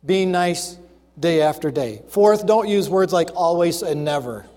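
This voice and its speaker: Man preaching a sermon, highish voice, leans on key phrases, long echoey hall sound. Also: lively intonation, a little mellow. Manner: emphatic, listing numbered points and slowing down on key phrases.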